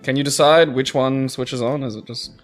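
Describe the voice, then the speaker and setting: A man's voice: mid-range voice, steady tone, normal speed, soft background music. Man cracking crude jokes over gameplay. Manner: joking, crude banter and guessing aloud. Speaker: co-commentator. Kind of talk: casual let's play commentary.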